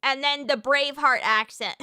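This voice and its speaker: An American woman streaming live, chatting casually with her viewers in an excitable, sweary way with quick comebacks. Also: high-pitched, dry recording. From United States.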